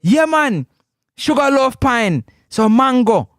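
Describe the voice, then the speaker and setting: A man's voice: very high-pitched, sing-song, takes it slowly, fairly bright tone, dry recording, studio quality. A man with a Jamaican accent hosting a live sports talk stream, teasing viewers playfully and laughing often.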